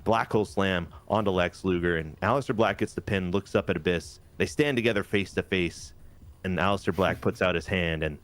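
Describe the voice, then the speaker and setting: A man casually recapping wrestling matches from a video game, in an animated, jokey play-by-play way. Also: low voice, brisk. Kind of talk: casual gaming chat.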